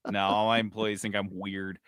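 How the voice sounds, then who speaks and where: A man co-hosting a gaming podcast in casual chat, animated and swearing freely as he tells stories. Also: lowish voice, moderate pace, clear, resonant tone, no echo, studio quality. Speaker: podcast co-host.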